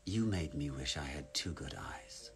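A man voicing a soft-spoken, scarred male crime lord with a low, hushed, partly whispered delivery. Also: animated, unhurried, music in the background, full character voice. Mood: menacing.

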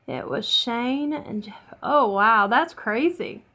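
A woman hosting a casual live stream, chatty and unhurried. Her voice sits fairly high, and she slips into cooing baby talk at her dog. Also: expressive, bright, forceful tone.

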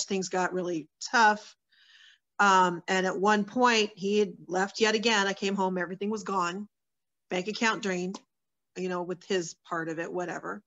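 A woman's voice: mid-range voice, bright, forceful tone. A woman sharing her personal testimony as a guest, in a candid, earnest storytelling manner with many fillers.

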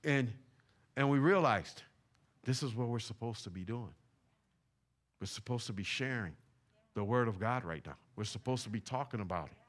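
A man's voice: mid-range voice, animated, moderate pace, pauses often. A middle-aged man from Puerto Rico, preaching a fervent sermon in a church, repeating his points with emphasis. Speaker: pastor. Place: church sanctuary.

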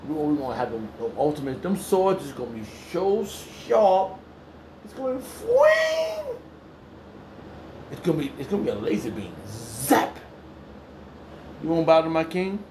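Preaching casually from the Bible in his home, this man is animated and quick, lurching from shouts to mutters in a crude, heated, rambling way. He keeps restarting and repeating phrases, with background noise audible throughout.

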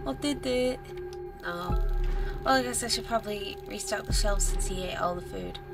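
A woman's voice: medium pitch, moderate pace, creaky, over loud music. A woman giving casual, crude, joking commentary while playing a horror game and reading its lines aloud. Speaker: gaming YouTuber.

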